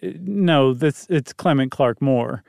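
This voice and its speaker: A man co-hosts a casual chat show, laying out history in a relaxed, joking way. His voice is smooth and clear, recorded dry and close with no room sound. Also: medium pitch, slow pace, no echo. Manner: chatty, explains history with acted quotes. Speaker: podcast co-host.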